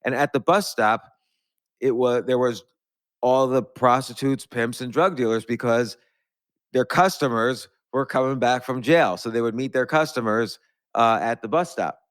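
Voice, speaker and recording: A man's voice: mid-range voice, normal speed, smooth, dry recording. Man telling rambling stories, dry sound. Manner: rambling anecdotes with restarts and laughs. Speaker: podcast host. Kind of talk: storytelling in conversation.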